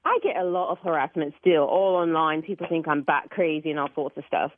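A woman in her forties from Oklahoma who speaks with a British-sounding accent, chatting as a phone-in guest with quick restarts and frequent laughs. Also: deep voice. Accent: British-sounding accent from foreign accent syndrome. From Oklahoma, United States. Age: 40s. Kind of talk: casual interview chat. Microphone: telephone. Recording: tinny phone line.

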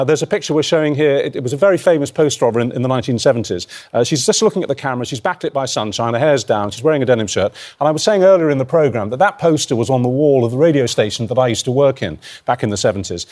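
An older male TV presenter rambles on with stammered repeats, wistful in tone. He talks very fast at a middle pitch. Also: a little mellow. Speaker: television presenter. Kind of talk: morning TV chat.

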